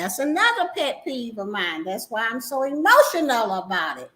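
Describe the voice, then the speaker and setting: A woman hosting a casual livestream talk show, animated and emphatic, often laughing as she talks. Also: fairly high pitch, normal speed, few pauses, low-quality recording. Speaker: livestream host.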